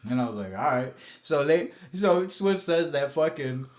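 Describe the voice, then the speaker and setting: Animated swearing man telling old stories. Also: on the high side, normal speed. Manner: swearing, animated storyteller, puts on voices for quoted people. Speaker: podcast host. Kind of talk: casual storytelling chat.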